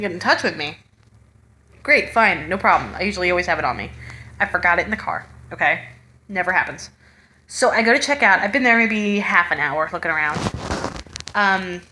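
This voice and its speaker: Chatty bright-voiced mother vlogging. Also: mid-range voice. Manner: chatty, storytelling, laughs often. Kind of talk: casual chat.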